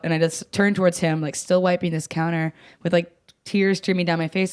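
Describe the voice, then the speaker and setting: A woman's voice: fairly low pitch, flat delivery, a little fast, darkish tone, clear, resonant tone. A young adult woman comedian telling stories in casual chat, blunt and profane, self-mocking and often laughing. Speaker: comedian guest.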